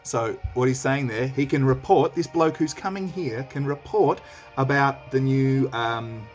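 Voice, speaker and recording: A man's voice: mid-range voice, measured pace. A man teaching a play, explaining lines in a casual, chatty way with frequent fillers. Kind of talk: explaining a play while reading aloud. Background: faint background music.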